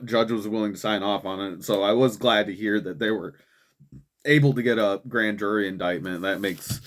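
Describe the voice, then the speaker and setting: A man's voice: medium pitch, a bit bright. Young male show host; heated, profane ranting, casual "dude" fillers. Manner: profane, heated, swearing constantly; frequent fillers like "man" and "dude". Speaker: host of a political commentary show. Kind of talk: angry ranting commentary.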